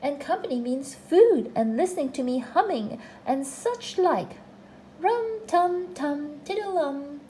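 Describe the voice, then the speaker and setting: A woman's voice: high-pitched, very animated, mellow, slight background noise. Winnie-the-Pooh, a woman voicing a humming bear. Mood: cheerful. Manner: humming, bumbling and slow-witted. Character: simple, hungry, good-natured male teddy bear. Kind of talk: storybook reading.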